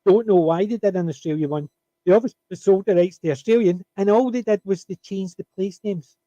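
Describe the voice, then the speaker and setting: A man chatting on a panel, telling an animated anecdote and chuckling at his punchlines. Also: high voice, a little fast, no echo, muffled recording. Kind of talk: casual storytelling chat.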